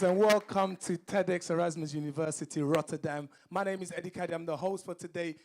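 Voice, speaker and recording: Energetic male event host, high gravelly voice, faint hiss behind. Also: fairly quick, few pauses. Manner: energetic, calls for applause. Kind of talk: hyping up a live audience. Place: large event venue.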